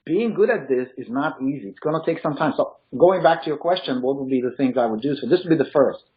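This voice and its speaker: Animated and quick, this non-native English speaker with a mild Eastern European accent and mid-range voice gives emphatic, motivational real estate coaching in a relaxed interview, laughing readily. The audio sounds dull.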